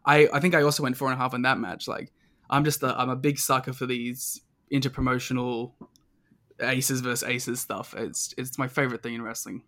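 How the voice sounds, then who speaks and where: A man's voice: medium pitch, flat delivery, fairly quick, a bit bright. A man co-hosting a casual wrestling podcast, talking with enthusiasm and lots of fillers. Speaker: podcast co-host. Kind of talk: casual chat.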